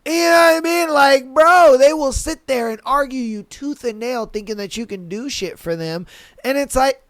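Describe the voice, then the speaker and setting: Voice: sits high, normal speed, no room sound. A podcast host giving casual commentary on reader posts in loose, slangy talk, swearing freely and acting out annoying customers.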